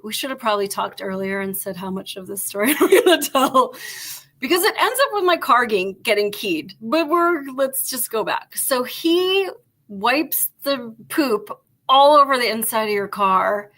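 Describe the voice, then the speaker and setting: A woman hosting a casual live show, spinning a blunt work story with a bright, forceful tone. Her voice sits a little high for a woman and is peppered with "like." She speaks as a former police officer looking back. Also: normal speed. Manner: animated, blunt storytelling with frequent "like".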